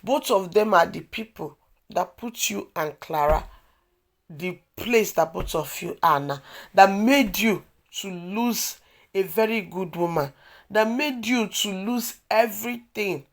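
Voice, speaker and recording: A woman's voice: medium pitch, close to an everyday voice. A woman with a Nigerian accent voicing a blunt, exasperated man lecturing his friend in a scolding way.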